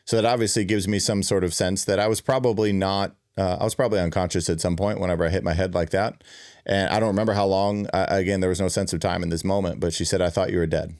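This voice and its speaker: A man's voice: sits low, fairly even intonation, fast, darkish tone, dry recording, studio quality. A man hosting his own show, earnestly telling a personal story in a reflective way, with frequent fillers and restarts. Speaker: podcast host and keynote speaker.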